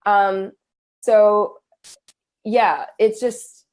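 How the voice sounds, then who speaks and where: A woman's voice: medium pitch, fairly even intonation, drawn-out words, darkish tone. A woman from England with a British accent, hosting a live Q&A stream and reading out viewer comments with enthusiasm. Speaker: host.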